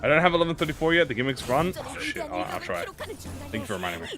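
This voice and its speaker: A man's voice: a little high, wildly swooping pitch, quick pace. A young man streaming a video game, chatting casually with his viewers in a rambling, self-mocking way. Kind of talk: casual gameplay commentary to chat. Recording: game music behind voice. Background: game music.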